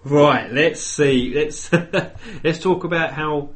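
A man's voice: on the high side, takes it slowly, fairly bright tone. A man hosting a podcast quiz, exuberant and casually swearing as he hands out points. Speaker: podcast host scoring a quiz. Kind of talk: casual banter.

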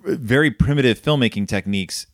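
A man's voice: mid-range voice, a little fast, no room sound, clean studio sound. A man hosting a casual film discussion podcast, telling stories with lots of fillers. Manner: animated storytelling, many fillers. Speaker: podcast host.

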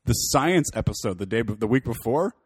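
A man's voice: mid-range voice, animated, brisk, breathy edge, no echo, clean studio sound. A young Canadian man co-hosting a podcast, rambling through casual chat with swearing and laughter. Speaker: podcast co-host.

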